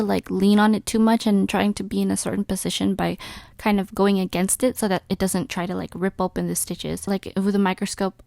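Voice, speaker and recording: A young woman chats candidly in a casual vlog from her bed, breathless and a bit rambling. Her voice carries a gravelly fry over a middle pitch, and the sound is close and dry with no room around it. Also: darkish tone, no room sound. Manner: candid, rambling, laughs often. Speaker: vlogger. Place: bedroom, lying in bed.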